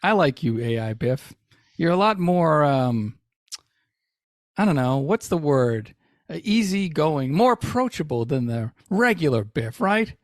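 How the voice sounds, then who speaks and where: A man's voice: on the high side, very animated, measured pace, dry recording, clean studio sound. A man hosting a podcast in casual comedic chat, teasing and laughing often. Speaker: podcast host.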